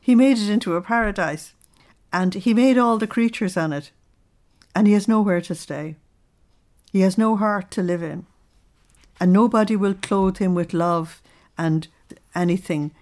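A woman reading a devotional diary aloud and pausing to comment on it, earnest and reflective. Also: medium pitch, a little mellow. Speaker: religious teacher.

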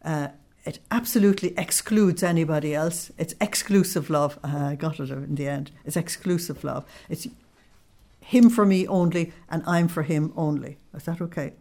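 A woman teaching a spiritual study lesson, unhurried and a little hesitant, often checking in with her listeners. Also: low voice, mellow. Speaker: religious teacher.

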